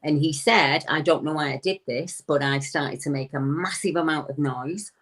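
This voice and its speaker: Low-voiced woman telling a story. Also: normal speed, fairly bright tone. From United Kingdom. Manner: retells a story vividly, acting out the witness's quoted words. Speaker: guest recounting a witness's encounter. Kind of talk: conversational storytelling.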